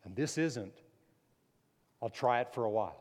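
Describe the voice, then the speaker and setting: A pastor preaching a sermon, swinging from loud emphatic peaks down to low, quiet stretches. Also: male voice, lively intonation, normal speed, in a large hall.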